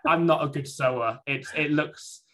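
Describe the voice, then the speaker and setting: A man's voice: on the high side, normal speed, pushed and bright. A man in casual conversation, telling a personal story with many restarts and fillers.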